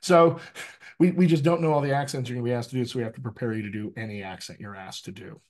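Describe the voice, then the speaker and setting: A man's voice: medium pitch, quick pace. A middle-aged man, a dialect coach, talking energetically to a group and checking in with "right?" as he goes. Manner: lively, addresses the group directly, frequent "right?" tags. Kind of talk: energetic workshop talk.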